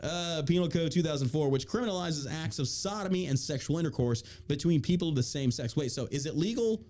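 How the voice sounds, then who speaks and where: A male podcast host with a lively voice that swings up and down in pitch. He reads articles aloud and mocks them with crude, profane jokes in a loose, casual chat. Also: a little fast.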